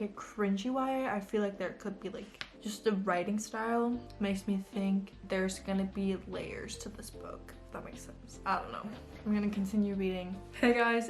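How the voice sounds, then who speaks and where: An eighteen-year-old woman from Denmark chats to her camera about reading, her talk loose and full of fillers and restarts. Her voice sits at an ordinary middle pitch for a woman. Soft music plays faintly behind her. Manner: chatty, rambling with many likes and restarts. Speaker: book vlogger. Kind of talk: casual vlog chat.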